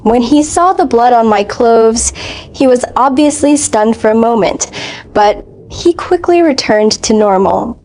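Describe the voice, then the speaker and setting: A woman narrating a first-person dramatic story in a steady, even reading voice. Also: a little high, a little slow.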